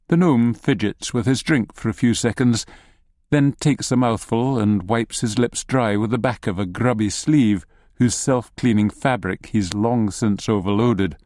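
A man narrating a story in the second person, with a measured, wry delivery. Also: fairly low pitch, a little mellow, dry recording, clean studio sound.

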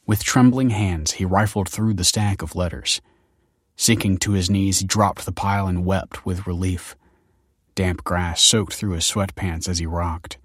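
A man narrating an audiobook chapter in a measured, even storytelling manner. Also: low-pitched, no echo, studio quality. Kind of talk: scripted narration.

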